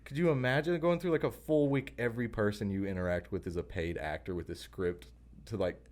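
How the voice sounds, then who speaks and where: A man's voice: fairly low pitch, fairly quick, a little mellow. A young man co-hosting a podcast in casual chat, laid-back and swearing often. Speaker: podcast co-host.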